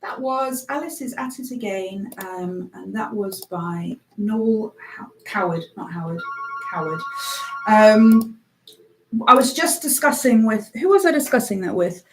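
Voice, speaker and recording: A woman's voice: mid-range voice, expressive, unhurried, distant mic, faint music behind. A woman presenting a live radio show from a small studio, a native Afrikaans speaker chatting casually with callers and viewers and giggling often. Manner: chatty, giggly, self-deprecating. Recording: roomy sound from off-mic.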